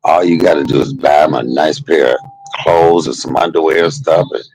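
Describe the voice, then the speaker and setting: A man streaming a casual storytelling monologue, animated and laughing, shifting between jokes and heartfelt moments. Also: a bass voice, brisk, a little hiss or hum, rough recording.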